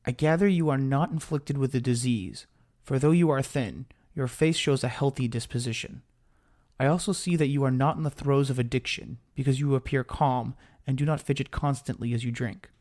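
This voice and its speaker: A formal, precise traveller speaks in a probing tone, voiced by a man. He weighs each word with care, in a middle-pitched voice. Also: moderate pace, a little mellow, lightly acted.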